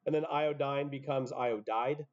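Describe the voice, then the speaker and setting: At medium pitch and an unhurried pace, a man lectures his high school chemistry class with fairly even intonation. The sound is muffled, and he goes step by step while cutting in on himself with asides.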